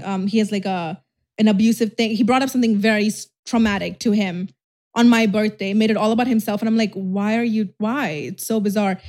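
On her vlog, a young female YouTuber relates a personal story in a medium-pitched, somewhat mellow voice. It comes out candid and rambling, with frequent "like"s, repeated restarts, and offhand swearing.

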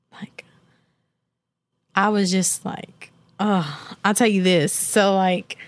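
A woman's voice: medium pitch, little pitch movement, slow, no echo. A woman in her thirties, a guest in an interview, talking candidly and reflectively, with faith and conviction.

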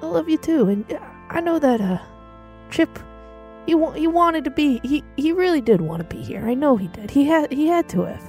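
A woman's voice: high voice, lively intonation, normal speed, soft background music, pitched above the performer's own voice. A woman improvising a doting, fatherly friend who jokes and rambles, in a comedy role-play. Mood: joking. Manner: joking, warm-hearted, rambling.

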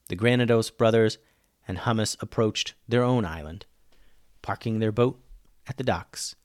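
A man's voice: fairly low pitch, normal speed, no room sound, studio quality. A man narrating a playful children's story as the show's host.

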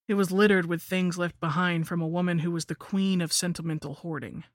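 A man's voice: sits high, fairly even intonation, fairly quick, dry recording, clean studio sound. A man reading a first-person horror story aloud with a wry, storytelling manner. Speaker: narrator. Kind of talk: scripted horror story narration.

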